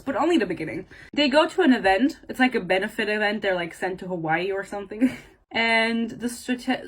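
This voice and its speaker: At home, a young book reviewer delivers a sarcastic, casual rant about a book, full of blunt swearing and filler words. She has a medium-pitched voice, and the audio is poor.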